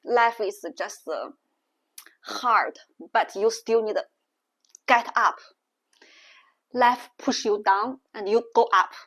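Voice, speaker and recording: A woman teaching Mandarin tones in a language lesson, explaining slowly and deliberately. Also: a little high, fairly bright tone, breathy edge. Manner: slow, deliberate explaining with exaggerated tone demonstrations.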